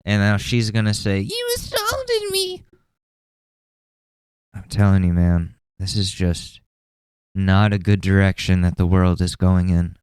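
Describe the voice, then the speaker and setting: A man's voice: deep voice, level tone, moderate pace, a little mellow, clear, resonant tone, no room sound, studio quality. A man hosting a podcast in a casual, rambling way, swearing often and mocking what he sees. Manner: profane, rambling, sarcastic. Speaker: podcast host.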